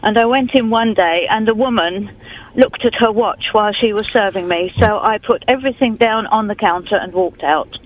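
A woman's voice: mid-range voice, moderate pace, highs cut off. A woman calling into a radio phone-in, chatting earnestly and rambling a little. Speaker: caller. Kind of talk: phone-in chat.

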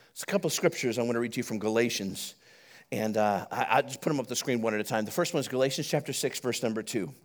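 A man preaching a sermon as pastor, building animated emphasis as he goes. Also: medium pitch. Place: church.

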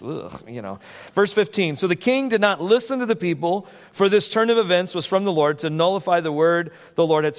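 A male pastor preaching a sermon in a conversational, animated way, with frequent restarts and asides. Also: on the high side. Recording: long hall reverb.

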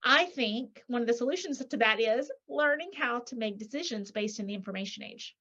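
Woman guest author, fairly high voice, animated, acts out little quoted voices, dull lo-fi sound. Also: a little fast. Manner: lively, acts out quoted voices, many rhetorical "right?"s. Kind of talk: animated interview talk.

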